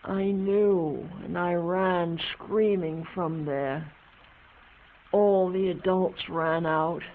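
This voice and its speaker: An actress playing an older woman reminiscing to her dog, musing and unhurried, with hesitant pauses. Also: on the low side, steady tone. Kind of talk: film monologue. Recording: tinny, phone-like film audio.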